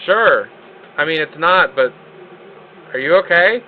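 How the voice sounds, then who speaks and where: Excitable high-voiced male streamer. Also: measured pace, phone-quality sound, slight background noise. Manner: excitable, joking, swears freely. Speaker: streamer host. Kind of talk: casual live-stream chat.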